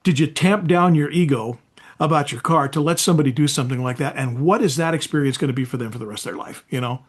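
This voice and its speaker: A man's voice: on the high side, fast talker, breathy edge. Chatty man hosting a car podcast. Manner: chatty, warm affirmations, storytelling asides. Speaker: podcast host. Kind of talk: casual interview chat.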